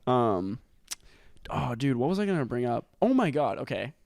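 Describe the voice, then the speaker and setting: A man's voice: mid-range voice, sing-song, normal speed, gravelly, a little mellow, dry recording, studio quality. A young man co-hosting a podcast in casual, crude banter, rambling and trailing off mid-sentence. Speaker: podcast co-host.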